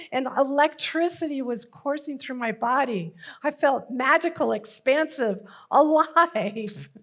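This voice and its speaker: A middle-aged woman telling a personal story on stage, slow and deliberate with emotional emphasis. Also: fairly high pitch.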